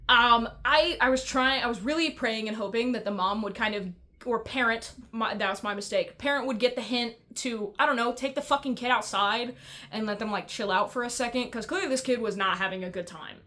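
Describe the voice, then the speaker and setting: A woman's voice: fairly high pitch, brisk, bright, forceful tone. Blunt, frustrated woman vlogger. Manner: frustrated, blunt, swears freely, restarts often. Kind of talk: casual ranting vlog.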